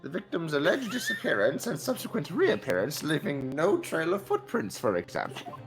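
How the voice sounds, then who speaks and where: A man voicing a dignified old male judge in a casual game script read-through, in a measured, deliberate reading. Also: on the high side, huge pitch swings, poor audio. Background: background music.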